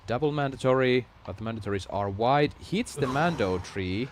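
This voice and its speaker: A man doing live play-by-play commentary for a sports broadcast, calm and measured with sudden excited rises. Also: medium pitch, slight background noise.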